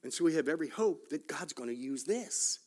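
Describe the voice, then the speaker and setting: A man's voice: fairly high pitch, animated, fairly quick, a little mellow. A man teaching a Sunday school class at church, talking conversationally with joking asides and frequent checks like "right?" and "okay?".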